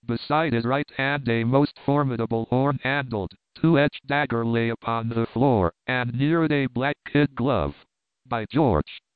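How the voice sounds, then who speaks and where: A man reading a classic story aloud as narrator, in steady, clear storytelling. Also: mid-range voice, a little slow, few pauses, dry recording. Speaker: audiobook reader. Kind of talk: scripted narration. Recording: dry tinny phone-like sound.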